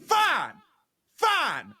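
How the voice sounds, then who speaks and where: A man putting on the voice of a big, rowdy heckler, shouting and dragging out his words. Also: very high voice, huge pitch swings, extremely slow, voice pushed up, full character voice. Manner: shouting, drawn out. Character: loud drunk male heckler, big and rowdy.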